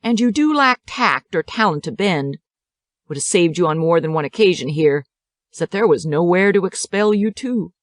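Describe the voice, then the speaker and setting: A woman reading the part of a kindly older male school director who counsels and teases gently. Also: lowish voice, animated, moderate pace, dry recording, studio quality, natural voice. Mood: counseling. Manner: gentle, counseling, lightly teasing.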